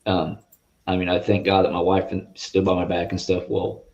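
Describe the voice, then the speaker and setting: A man giving a guest's personal faith testimony in an interview, in an earnest, halting and rambling way over a video call. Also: low voice, monotone, a little mellow. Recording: muffled lo-fi audio.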